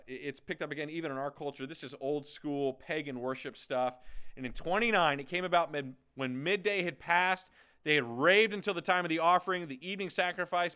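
A man's voice: on the high side, fairly bright tone, smooth. A man preaching a sermon in a playful, conversational way, often checking in with "okay?". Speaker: pastor.

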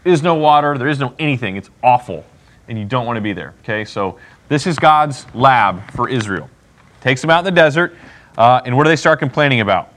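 With a medium-pitched, fairly bright voice, this man speaks fairly quickly and animatedly as he leads a Bible study. The teaching is casual and conversational; he acts out what people would say and keeps asking "okay?"

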